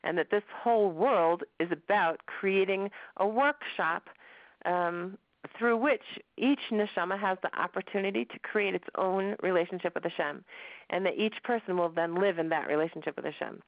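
Woman lecturing, chatty and warm with humor, dull dry audio. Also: lowish voice, normal speed, no echo. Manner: conversational, with jokes and laughter. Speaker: religion teacher. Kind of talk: class lecture.

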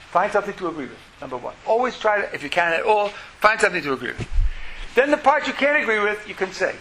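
A man teaching a lecture as a religious teacher, in an animated way that acts out quotes in lively voices. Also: high voice, fast, a little hiss or hum, poor audio.

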